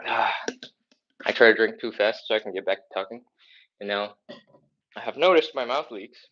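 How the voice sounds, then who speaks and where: The audio is dull, and the man's voice is fairly low at a moderate pace. As a mobility and stretching instructor guiding a live follow-along workout, he counts reps with upbeat encouragement while a bit winded from moving.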